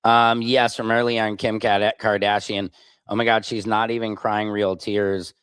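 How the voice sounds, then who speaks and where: A man's voice: on the low side, flat delivery, a little slow, fairly bright tone, smooth, dry recording. Blunt, opinionated male streamer host. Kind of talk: live reaction commentary.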